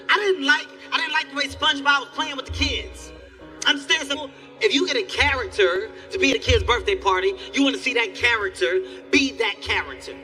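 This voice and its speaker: Male stand-up comic, high-pitched and sharp, animated delivery, miked on a stage some distance off. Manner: animated storytelling, acts out characters, yelling bits. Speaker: stand-up comedian. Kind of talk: stand-up comedy set. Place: theater stage before a live audience.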